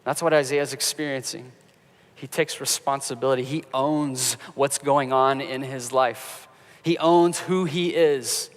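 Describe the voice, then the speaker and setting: A man's voice: mid-range voice, steady tone, measured pace. A man preaching a sermon as pastor, conversational and storytelling with touches of humor, in a church sanctuary. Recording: reverberant church hall.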